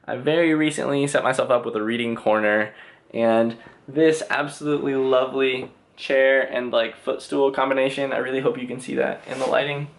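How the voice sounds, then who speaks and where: A man's voice: medium pitch, steady tone, moderate pace, creaky, slight background noise. A young man casually answering viewer questions in a vlog from his bedroom, chatty and self-deprecating, with many filler words. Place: bedroom with reading chair.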